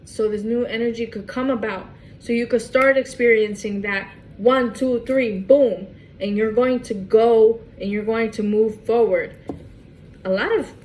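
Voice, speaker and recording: A woman's voice: fairly high pitch, a little hiss or hum, low-quality recording. A woman doing a casual tarot reading to camera, emphatic and repetitive, often restarting her phrases. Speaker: tarot reader.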